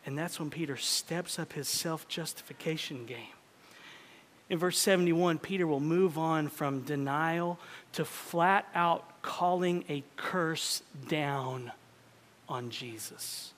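A male pastor preaching a sermon in a dramatic style, swinging between loud emphasis and hushed whispers. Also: on the high side, a little slow, a little hiss or hum. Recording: long reverb of a large hall.

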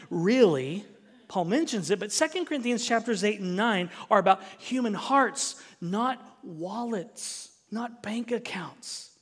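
A man's voice: high voice, long reverb tail. A man with a Southern US accent preaching a sermon as pastor, emphatic and repeating key phrases for stress. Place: church.

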